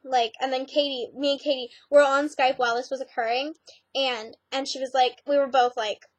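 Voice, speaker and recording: A teenage girl talks straight to the camera in a loose, rambling way, filling her sentences with "like" and "um". Her voice sits high, and the sound is close and dry with no room echo. She keeps a sarcastic edge as she goes. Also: steady tone, moderate pace. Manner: chatty, sarcastic, many "like"s and "um"s. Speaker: vlogger. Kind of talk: casual vlog rant.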